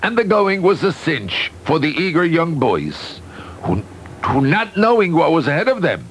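A man reading a children's story aloud, lively and expressive, with occasional fillers. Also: a little high, moderate pace, a little hiss or hum, poor audio.

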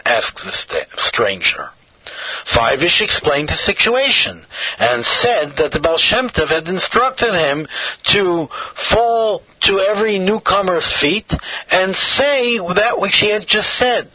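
A man narrating a scripted story in a measured, expressive reading. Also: high-pitched, slightly rough, dry recording. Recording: dull, dry lo-fi recording.

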